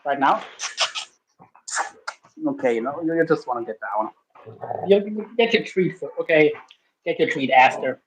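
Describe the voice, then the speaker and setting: Cooking at home in his kitchen with his dog beside him, this livestream host chats and rambles, restarting sentences and leaving long pauses. He sounds animated, with a fairly high pitch at a normal pace, over lo-fi sound and background noise.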